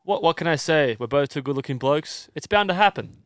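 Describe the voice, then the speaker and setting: A man co-hosting a podcast, joking playfully in casual chat. His voice is smooth and clear at a middling pitch, recorded close with a dry sound. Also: animated, brisk, a bit bright, dry recording. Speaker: podcast co-host.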